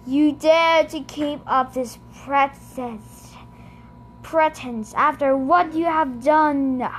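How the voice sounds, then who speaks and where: A woman's voice: high-pitched, slow, slight background noise. A woman reading the lines of an indignant, grumbling male god of the dead.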